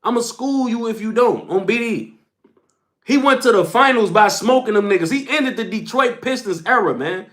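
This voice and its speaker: High, bright-voiced young man ranting. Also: normal speed. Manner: emphatic, repetitive, scolding chat, slangy. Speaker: livestream host. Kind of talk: heated casual livestream rant.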